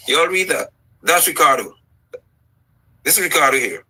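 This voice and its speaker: A man's voice: fairly high pitch, animated, moderate pace, sharp tone, breathy edge, poor audio. A man hosting a live political commentary show, talking through slides in an indignant tone and hammering his audience with rhetorical questions.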